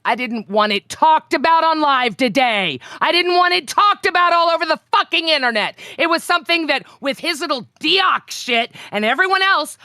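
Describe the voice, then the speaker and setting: A woman's voice: sits high, animated, normal speed, few pauses, pushed and bright, dry recording, studio quality. A woman arguing indignantly and sarcastically in a live stream voice chat, cursing often. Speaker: stream guest. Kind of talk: heated argument.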